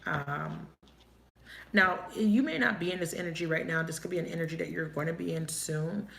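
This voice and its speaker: Low gravelly woman reading tarot. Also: fairly bright tone. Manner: thinking aloud, quick emotive questions. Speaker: tarot reader. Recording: echoey room, faint noise.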